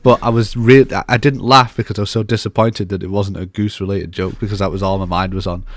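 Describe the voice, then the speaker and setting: A man's voice: on the low side, steady tone, fast talker, no room sound. Dry-witted podcast co-host man. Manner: dry, teasing banter. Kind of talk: casual chat.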